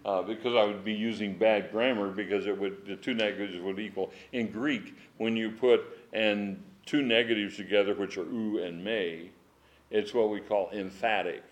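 A middle-aged man teaching an informal Bible study from home, emphatic and animated, with a strained voice and chuckling asides. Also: fairly low pitch, moderate pace. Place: at home with dogs.

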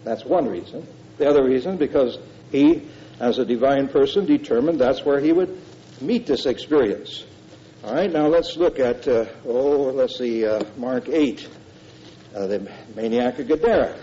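An older man preaches a verse-by-verse sermon in a loose, conversational way, pressing his points with emphasis and stumbling through fillers and restarts. His voice is dark and mellow. The recording is a dull, muffled old tape with a faint low rumble underneath. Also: moderate pace.

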